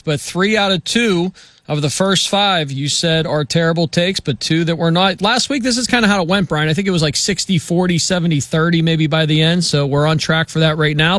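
A man's voice: a little high, brisk, a bit bright, dry recording. A man hosting a sports radio show, running a segment in an upbeat, joking way. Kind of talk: casual sports talk.

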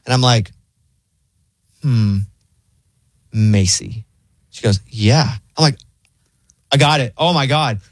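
A man chatting casually as a show host, an animated storyteller who acts out the lines he quotes. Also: mid-range voice, takes it slowly, pauses often, no echo.

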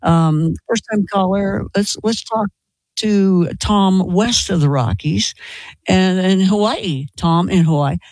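A man's voice: sits high, a little mellow, no room sound, rough recording. A male radio call-in host with a slight Kentucky accent, chatting with callers in an enthusiastic, talkative way. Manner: chatty, enthusiastic, quick asides. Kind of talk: casual call-in radio chat.

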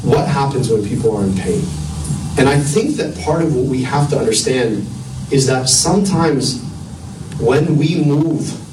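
A man in politics who once worked in medicine, speaking earnestly and searching for words as he thinks. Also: medium pitch. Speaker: politician, former doctor. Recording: distant, echoey, noisy room.

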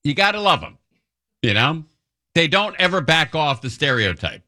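A radio host with a bright, forward voice that cuts through the room. This man ribs his guest in easy, chummy banter during a casual on-air chat. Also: fairly high pitch, big pitch swings, normal speed.

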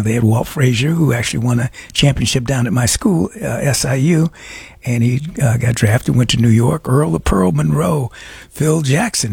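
An older man hosting a radio show with a raspy voice, talking casually and rambling with chuckles and fillers. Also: medium pitch, darkish tone, no echo. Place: radio studio.

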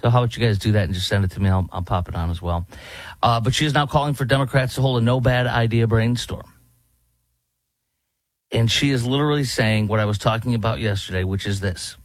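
A man's voice: mid-range voice, quick pace, dry recording. A man hosting a political talk show, sarcastic and rambling with many restarts. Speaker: host.

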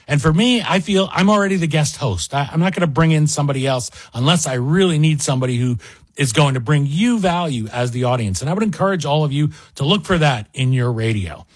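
Husky-voiced male talk radio host. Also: a little high, dry recording. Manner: chatty, folksy, addresses listeners directly.

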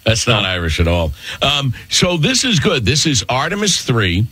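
A male radio host in casual morning banter, joking freely. His pitch swings widely as he talks. The sound is close and dry. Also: huge pitch swings, moderate pace, pushed and bright, breathy edge, dry recording.

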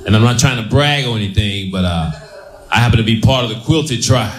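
A male stand-up comedian delivering deadpan puns and talking back to the audience. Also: on the low side, brisk, noisy background. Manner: deadpan, pun-driven, chats with the audience. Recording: roomy club mic with loud crowd.

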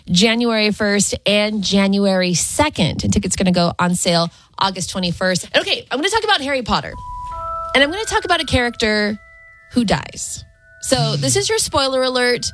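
A woman's voice: a little high, a bit bright. A woman co-hosting a morning radio show, chatting casually and laughing easily while reading entertainment news.

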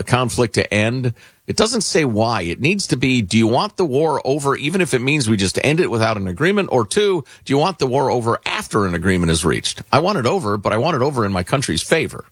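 Wry husky talk-radio host. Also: male voice, mid-range voice, big pitch swings, fairly quick, dry recording. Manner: wry, sarcastic asides. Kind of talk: casual talk radio, reading listener mail. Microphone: studio mic.

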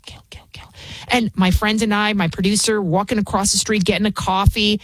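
A woman's voice: mid-range voice, no room sound. Blunt, scornful woman talk radio host. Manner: blunt, scornful, rambling with restarts. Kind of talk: opinionated talk radio monologue.

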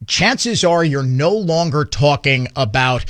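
A male host narrates a news story and drops mocking asides along the way. His voice sits slightly high, with a sardonic, indignant bite. The recording is close and dry. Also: lively intonation, a little slow, hardly any pauses, a bit bright, no echo. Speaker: commentary show host. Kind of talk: political commentary.

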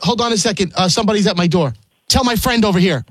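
A man's voice: sits high, fast, a bit bright, slightly rough, no echo, studio quality. A man making a prank phone call, playing an innocent customer. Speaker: prank caller.

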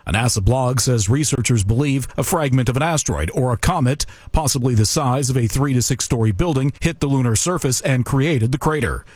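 A man reading a radio news report in a measured, even delivery. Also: mid-range voice, dry recording.

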